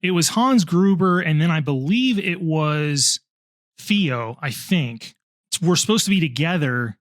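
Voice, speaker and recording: Man, fairly high voice, dry close sound, enthusiastic podcast co-host, casual film chat. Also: animated, unhurried, no room sound. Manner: enthusiastic, explains background at length.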